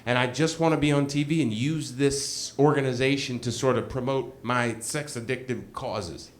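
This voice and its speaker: Speaking at a moderate pace and medium pitch, a middle-aged man recounts a comic episode from his own life in front of a live audience. He mocks himself, stays animated throughout, and voices the other characters' lines.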